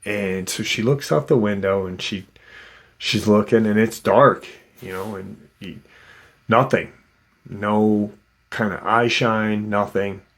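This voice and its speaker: A man's voice: lowish voice, slow. A man casually retelling someone's encounter as a story, rambling with lots of fillers and restarts. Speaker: host retelling a witness's encounter.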